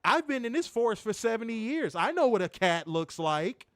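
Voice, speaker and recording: A man voicing a stubborn old man who insists he owns the forest, speaking slowly and overbearingly. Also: a little high, huge pitch swings, dry recording, clean studio sound. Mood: insistent.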